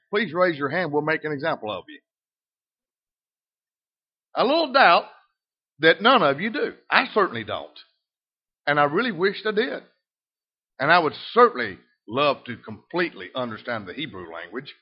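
A middle-aged man with a Southern US accent preaching a sermon in a folksy way, switching between emphatic and soft delivery. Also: fairly high pitch, husky. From Southern United States. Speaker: pastor. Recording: dull lo-fi sound.

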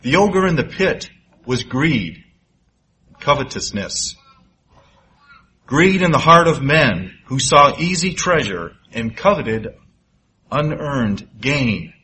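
Bright-voiced preacher telling a parable. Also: male voice, medium pitch, very animated, a little hiss or hum, poor audio. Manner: dramatic storyteller, rising for suspense and slowing for effect. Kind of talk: sermon storytelling.

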